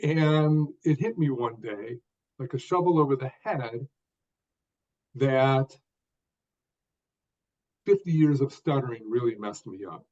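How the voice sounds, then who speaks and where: An older man, a podcast guest, telling his story in short deliberate phrases, stressing key words, with some repeated words. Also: medium pitch, a little mellow, highs cut off. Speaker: guest author.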